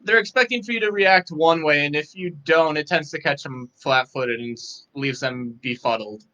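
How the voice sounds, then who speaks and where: A young man talks softly and with dry, self-mocking humor, sounding a bit tired. His voice is bright and sits a little high. He wanders off on tangents. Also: moderate pace, muffled recording. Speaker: guest. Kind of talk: casual live interview.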